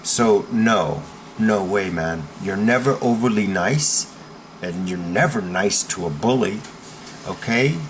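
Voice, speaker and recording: A man's voice: lowish voice, lively intonation, takes it slowly, slight background noise. A man coaching viewers in a blunt, emphatic talk, often checking in with "okay?". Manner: forceful, blunt instruction. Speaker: self-defense coach.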